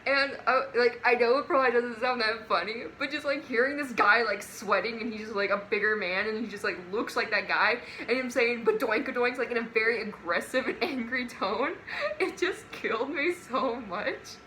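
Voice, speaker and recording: Young female vlogger, chatty and giggly storyteller, slightly high and bright tone. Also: normal speed, slight background noise. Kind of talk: casual storytime.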